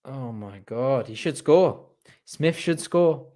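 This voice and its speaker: A young man giving partisan, excitable fan commentary on a live match, cheering his team on and groaning at missed chances. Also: mid-range voice, takes it slowly.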